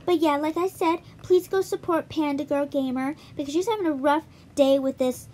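High-voiced chatty woman gamer. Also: normal speed, mellow. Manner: chatty, addresses viewers directly. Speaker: gaming YouTuber. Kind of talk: casual game walkthrough vlog.

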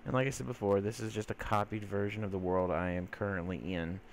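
A man with a fairly low, fairly even voice talks fast over slight background noise, giving rambling, chatty gameplay commentary packed with fillers. Now and then he coos teasingly at his game's mobs in baby-talk.

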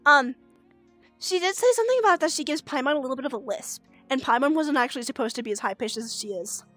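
Giggly young woman streamer, high lively voice. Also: quick pace, soft background music. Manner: giggly, exclaims a lot. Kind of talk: casual livestream chat.

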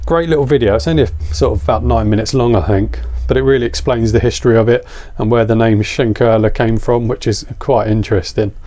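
A man's voice: medium pitch, fairly even intonation, brisk, few pauses, dark tone. A man, a little out of breath, chatting casually and enthusiastically as he reviews a beer on camera.

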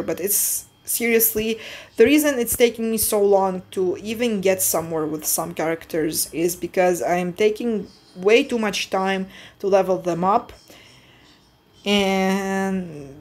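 Brief: young woman vlogger, mid-range voice, loose rambling delivery, stumbles and restarts mid-sentence. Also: medium pitch. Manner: rambling, often restarts and trips over words. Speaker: mobile game YouTuber. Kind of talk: casual vlog commentary.

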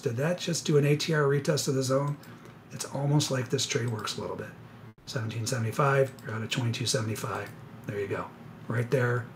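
A man giving live trading commentary on a webinar, excitable and sarcastic, rambling with self-corrections, a little out of breath. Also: medium pitch, a little fast, background noise. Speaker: futures trader presenting a live webinar.

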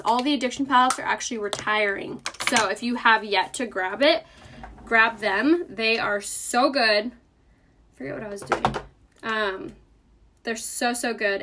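Chatty woman host, slightly high voice, live makeup demo while reading viewer comments. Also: background noise. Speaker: makeup seller.

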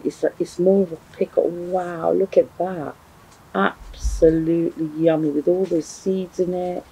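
Gushing man, mellow and husky. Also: on the high side, low-quality recording. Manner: gushing and effusive, repeats exclamations. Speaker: food reviewer. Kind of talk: enthusiastic product review vlog.

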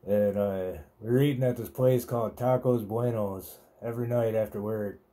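A man's voice: fairly low pitch, fairly even intonation, normal speed, warm tone. A man hosting a podcast, telling a rambling, profane story in a laid-back, casual way. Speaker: podcast host.

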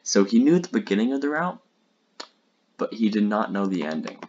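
A young man with a very deep voice gives casual reaction commentary. He rambles through his explanations with plenty of fillers and laughter. The recording carries clear background noise. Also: very animated, a little fast, dull audio. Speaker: creator reacting to his old videos. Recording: noisy recording.

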